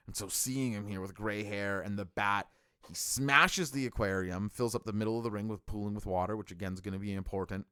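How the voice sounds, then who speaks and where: A man's voice: medium pitch, no room sound, clean studio sound. Rambling, enthusiastic middle-aged male streamer. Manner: enthusiastic, rambling, with many fillers and restarts. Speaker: wrestling stream host. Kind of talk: live-stream show review.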